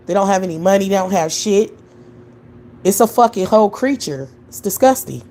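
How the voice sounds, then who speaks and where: A woman's voice: medium pitch, expressive, moderate pace, warm tone, a little hiss or hum. A young adult woman hosting a live stream, answering chat in a profane, scornful rant with mocking laughter. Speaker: livestream host.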